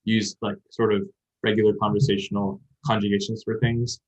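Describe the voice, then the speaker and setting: A man hosting a podcast that teaches Japanese explains grammar at length in casual chat, thinking aloud as he goes. His lowish voice barely moves in pitch and keeps a moderate pace, on a dull lo-fi recording.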